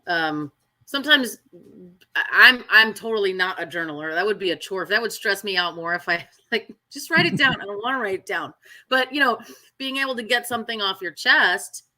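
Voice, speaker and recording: A woman dog trainer talking candidly in casual chat, often tagging her sentences with "right?" and filling pauses with "um". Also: mid-range voice, sharp tone. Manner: candid, frequent fillers and "right?" tags.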